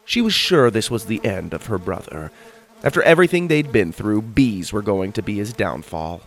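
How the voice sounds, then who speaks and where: A man reads a children's adventure audiobook in an expressive storytelling manner. His voice is low and slightly gravelly, and his pitch moves in wide, lively swings. The recording is dry and close. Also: normal speed. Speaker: narrator.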